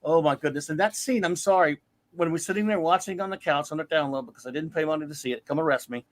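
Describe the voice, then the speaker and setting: A man's voice: on the high side, fast. A man hosting a casual pop-culture chat, ranting animatedly and mocking other people's voices. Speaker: podcast host.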